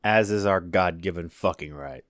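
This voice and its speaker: A man co-hosting a casual podcast, excitable and swearing freely as he calls drinking shots. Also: low-pitched, normal speed, no room sound, studio quality. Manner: profane, excitable, cheering and calling shots. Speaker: podcast co-host.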